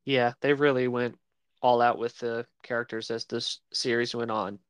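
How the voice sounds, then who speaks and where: Male podcast co-host, mid-pitched, smooth tone, easygoing banter. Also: level tone, normal speed, dry recording. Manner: easygoing, joking, hesitant with fillers. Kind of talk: casual chat.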